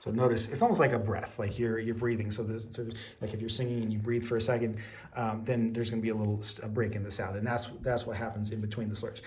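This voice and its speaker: A man's voice: lowish voice, level tone, quick pace. A man teaching an online music lesson, patiently explaining each step and checking in often.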